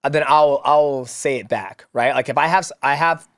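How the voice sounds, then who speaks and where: A man's voice: medium pitch, moderate pace, fairly bright tone, no echo, studio quality. Laughing man telling fight stories. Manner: laughs often, quotes himself, swears casually. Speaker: guest, mixed martial artist. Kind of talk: casual podcast chat.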